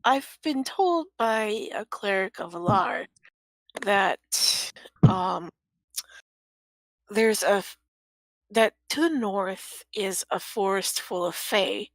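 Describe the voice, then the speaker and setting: A woman playing a tabletop game, asking measured questions in character. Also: medium pitch, lively intonation, no room sound, poor audio. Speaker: player. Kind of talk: tabletop role-play.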